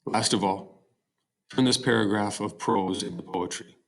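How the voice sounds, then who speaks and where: A man's voice: on the low side, unhurried, vocal fry, a bit bright. A man giving a recorded slide-show lecture on poetry, explaining step by step with fillers and self-corrections. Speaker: teacher.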